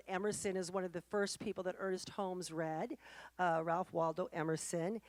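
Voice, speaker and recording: A woman's voice: medium pitch, no room sound. A woman minister giving an earnest, reflective sermon, telling stories and speaking directly to her congregation. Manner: warm, earnest, reflective preaching with storytelling. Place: church or spiritual center.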